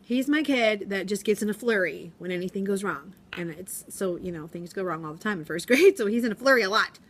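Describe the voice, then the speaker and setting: A woman's voice: medium pitch, fast. A young woman teacher talking to a phone camera in her classroom in a chatty, rambling way, acting out what her pupils said. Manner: chatty, rambling, acts out quotes in voices. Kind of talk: casual vlog chat. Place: school classroom.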